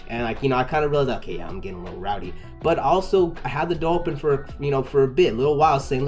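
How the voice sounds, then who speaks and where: Man, casual story time, repeats and restarts, gets heated, soft music behind. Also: medium pitch, fast, few pauses. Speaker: storyteller recounting a personal incident.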